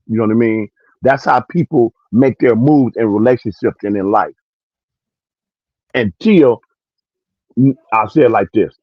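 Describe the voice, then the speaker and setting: Guy hosting a livestream chat, preachy drawn-out points, mid pitch, dull muffled audio. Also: dry recording. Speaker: livestream host. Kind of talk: casual opinion chat.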